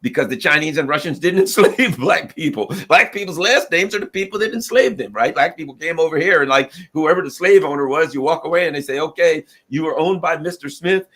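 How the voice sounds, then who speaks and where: A man's voice: fairly high pitch, animated, fast talker, hardly any pauses, a bit bright. A man from the United States delivering an opinionated political commentary, arguing emphatically and acting out what nations might say. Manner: emphatic, argumentative, acts out quoted voices of nations.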